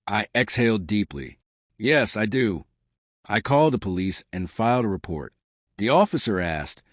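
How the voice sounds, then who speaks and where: Male narrator, low voice, lively delivery, dry close sound, first-person story. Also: no room sound. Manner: reads all characters' dialogue in a mostly plain voice.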